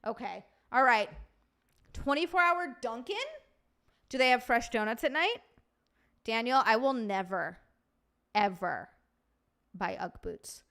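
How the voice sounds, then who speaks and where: A woman hosting a casual livestream, chatting with viewers and reacting to their comments in an animated, swearing, joking way. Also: a little high, measured pace, gravelly, long pauses. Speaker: streamer host.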